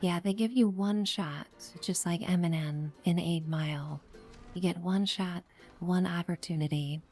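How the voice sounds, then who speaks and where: A woman's voice: lowish voice, measured pace, a little mellow. A woman streaming a game live, giving sarcastic, playful commentary with whispered asides. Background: game music.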